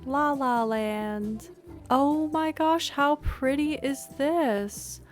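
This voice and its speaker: A woman giving casual, gushing commentary on a video game, often clearing her throat and sniffing. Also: high voice, extremely slow, faint music behind. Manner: gushing, excitable, frequent exclamations. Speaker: gaming video host.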